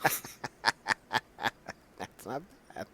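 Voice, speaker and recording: A man's voice: extremely slow, pushed and bright. A man co-hosting a casual wrestling podcast, cracking profane jokes and acting out quotes in silly voices. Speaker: podcast co-host.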